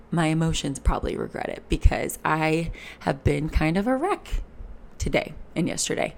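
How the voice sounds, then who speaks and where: A young woman in her twenties with a low, gravelly voice talks candidly in a personal vlog recorded on a camera mic in Fort Lauderdale, Florida. She rambles emotionally and swears freely.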